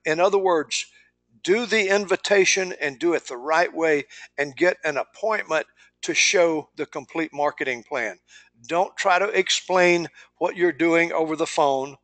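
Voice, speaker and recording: A man's voice: on the high side, fairly bright tone, no room sound. Folksy man with a dry, close sound. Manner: folksy, repeats and stammers, acts out phone calls. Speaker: sales trainer. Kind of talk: recorded training talk.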